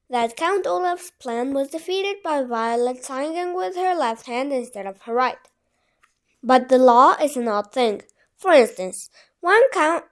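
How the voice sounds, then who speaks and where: A woman reading a storybook chapter aloud, expressive and wry. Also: sits high. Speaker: audiobook reader. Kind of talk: storybook narration.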